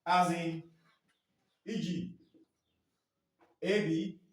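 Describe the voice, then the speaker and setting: In this phonics training for teachers, the male trainer has a fairly high, fairly even voice and draws out his words. Quizzing the class, he keeps asking "what?" and pausing for responses. The mic sits far away in an echoey room.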